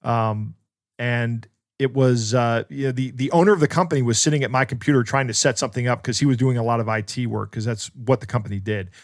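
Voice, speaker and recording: A man's voice: medium pitch, steady tone, fast, no room sound, studio quality. A man co-hosting a podcast as a security expert, telling stories in casual chat with many restarts.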